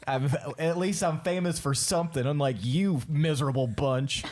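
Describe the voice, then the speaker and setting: A man's voice: fairly high pitch, moderate pace, darkish tone. A man hosting a tabletop game podcast, talking in a loose, rambling way with many fillers and jokes. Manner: rambling, filler-heavy, joking. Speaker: host and dungeon master. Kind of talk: podcast outro and casual banter.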